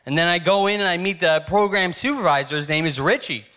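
A man's voice: high-pitched, quick pace, bright, forceful tone, smooth. A man telling a wry, self-mocking stand-up story. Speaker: stand-up comedian.

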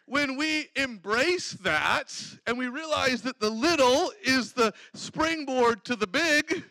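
A man preaching a lively sermon, laughing often and breaking into exclamations of praise. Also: extremely high pitch, slow, dry recording, rough recording.

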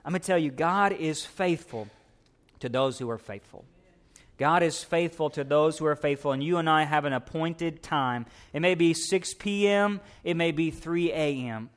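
A male pastor delivering a sermon with a notably high-pitched voice. He preaches with passion, climbing louder and higher in his exhortations, then softens into a hushed, lower tone as he closes in prayer. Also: normal speed.

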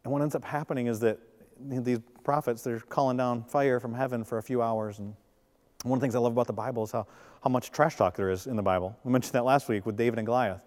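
A man's voice: medium pitch, steady tone, fast, a little mellow. A male pastor giving a sermon in a conversational way, with jokes and acted-out quotes. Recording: long reverb of a large hall.

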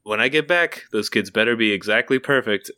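A man's voice: fairly low pitch, fairly quick, bright, forceful tone, no room sound. A haughty wealthy mother, played by a man, issuing cold, stern threats. The voice stays close to his own. It is an improvised comedy skit on a podcast.

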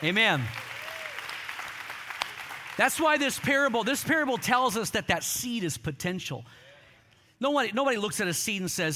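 A man's voice: high-pitched, very animated, moderate pace, bright, forceful tone, a faint crowd. A middle-aged man preaching a sermon, telling stories with quoted voices and calling on the congregation to respond. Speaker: pastor.

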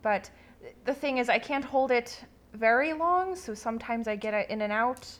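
A woman's voice: a little high, normal speed, fairly bright tone. A young woman co-hosting a podcast, chatting casually and laughing often. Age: young adult. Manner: laughs often, trails off and restarts. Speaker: podcast co-host. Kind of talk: casual chat.

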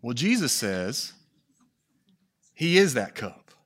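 Preacher man swinging hushed to emphatic. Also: very animated, slow pace. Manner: swings from hushed low phrases to loud emphatic peaks; asks the congregation questions and jokes with them. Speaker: pastor. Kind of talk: sermon.

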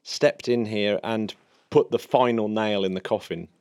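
A man's voice: fairly low pitch, fairly even intonation, measured pace, darkish tone, dry recording, clean studio sound. A man co-hosting a podcast in casual, enthusiastic, jokey chat. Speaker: podcast co-host.

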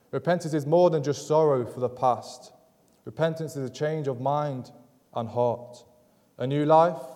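A man preaching a sermon in an earnest, measured way, driving points home through repetition. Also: mid-range voice, dark tone, long reverb tail. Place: church sanctuary.

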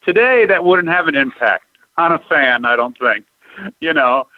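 A man's voice: on the high side, animated, normal speed, dry recording. A man in his fifties hosting a podcast, reminiscing in a nostalgic, reflective way in casual chat. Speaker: podcast host. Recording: dry, dull lo-fi audio.

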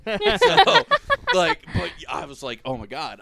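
A man spins a rowdy, profane story with plenty of laughter and put-on voices. His voice is bright and forward, and his pitch swings widely as he tells it. He talks in a loose, casual way among friends. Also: measured pace, creaky. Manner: animated, profane, laughing storyteller who acts out quotes. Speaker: podcast co-host telling a story.

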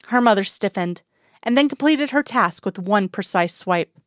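A woman reading a story aloud in calm, even narration. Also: medium pitch, brisk, clear, resonant tone, no room sound, clean studio sound. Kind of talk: audiobook narration.

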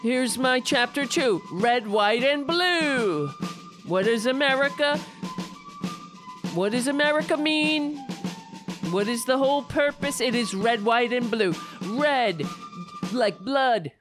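A woman's voice: fairly high pitch, animated, slow pace, over music. A woman voicing a blustering, flag-waving American patriot man with a New York accent, in a satirical comedy monologue. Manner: shouty, pompous, preachy.

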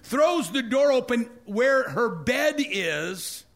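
A man preaching, telling a story with animated energy and acting out the scenes. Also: very high voice, slow. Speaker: pastor. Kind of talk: storytelling sermon.

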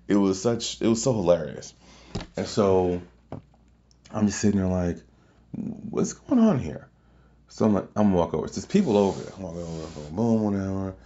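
A man hosting a podcast, telling a long casual story in a rambling, excitable way with many fillers and restarts. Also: sits low, muffled recording, slight background noise. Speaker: podcast host.

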